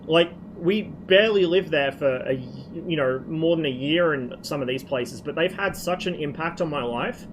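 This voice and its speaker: A man from Australia rambles through swear-laden stories during a relaxed stream chat, his voice sitting a touch high for a man. Steady background noise runs under the whole recording. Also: normal speed, hardly any pauses. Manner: rambling, profane storytelling. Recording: noisy background.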